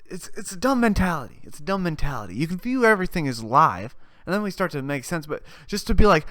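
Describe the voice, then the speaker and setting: A young man hosting a podcast, rambling through a comedic monologue, swinging between loud rants and quiet mumbles. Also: fairly high pitch, sing-song, fast, few pauses, no room sound. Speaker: podcast host.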